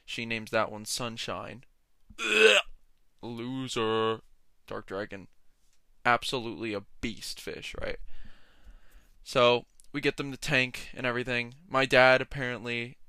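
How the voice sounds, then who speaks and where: A man's voice: mid-range voice, fairly even intonation, a little slow, sharp tone, clear, resonant tone, dry recording, studio quality. Young man ranting on a solo podcast. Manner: rambling, jokey and ranting. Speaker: podcast host. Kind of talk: casual solo podcast monologue.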